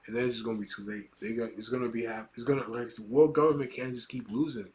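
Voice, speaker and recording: Male reaction host, excitable and profane, reading manga panels aloud in a hushed voice. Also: medium pitch, quick pace, hardly any pauses. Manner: excitable, swears a lot, laughs often. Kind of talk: casual reaction commentary.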